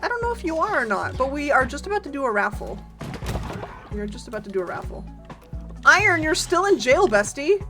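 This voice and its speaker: A woman with a high voice chats casually at a moderate pace while streaming a game, with game music playing underneath. She's animated and giggly, greets her chat, and swears a lot.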